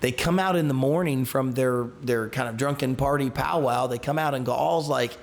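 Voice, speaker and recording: A man's voice: medium pitch, moderate pace, gravelly, few pauses. A man who is a pastor leads a Bible study. He reads scripture aloud and then retells it in a loose, everyday way, with restarts and asides.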